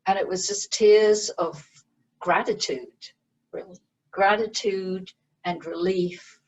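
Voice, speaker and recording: A woman meditation teacher and author, explaining her practice in a slow, gentle way as an interview guest. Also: medium pitch, steady tone, poor audio. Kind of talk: interview conversation.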